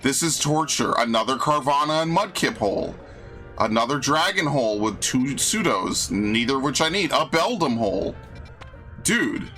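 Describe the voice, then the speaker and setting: Brief: young New guy streaming games, fed up and swearing, mid-pitched bright voice. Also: expressive, moderate pace, faint music behind. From New York. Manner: exasperated, profane ranting. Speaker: game streamer. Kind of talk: live game stream commentary.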